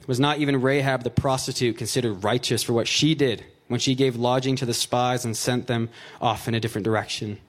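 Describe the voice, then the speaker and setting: A man preaching in an easygoing, conversational way, reading scripture and then unpacking it. He talks at an everyday middle pitch and mixes in jokey asides and plenty of "like" and "right?". It sounds relaxed and chatty more than formal. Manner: casual, joking asides, fillers of "like" and "right?".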